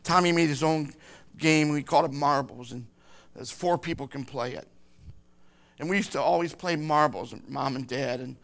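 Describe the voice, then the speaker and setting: An older man, a grandfather, rambling through a personal story with halting speech and frequent restarts. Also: fairly high pitch, gravelly, fairly bright tone.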